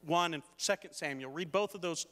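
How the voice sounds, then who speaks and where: A man's voice: on the high side, normal speed, fairly bright tone. A middle-aged man preaching a sermon as pastor, telling a personal story and building to emphatic points. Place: church hall. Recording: long hall reverb.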